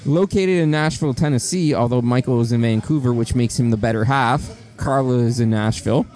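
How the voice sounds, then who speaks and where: A man's voice: medium pitch, fairly quick, darkish tone. A man co-hosting a podcast, reading out promos in casual, profane, teasing banter. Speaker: podcast co-host.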